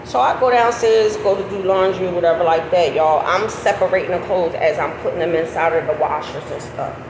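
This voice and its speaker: A middle-aged woman tells a story casually, a little fast, animated and loose, swearing freely and breaking into high laughter. The echoey recording carries loud background noise, including what sounds like passing vehicles.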